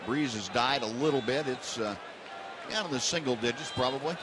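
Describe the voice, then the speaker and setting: A male baseball play-by-play announcer calling the game in a relaxed, conversational way with frequent fillers, over stadium crowd noise. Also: medium pitch, a little fast. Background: ballpark crowd.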